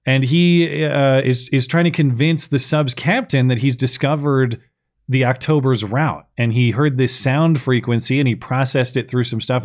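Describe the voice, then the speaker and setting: Man ranting casually about a movie. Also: mid-range voice. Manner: chatty, sarcastic, animated complaining. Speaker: podcast host. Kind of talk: casual chat reviewing a film.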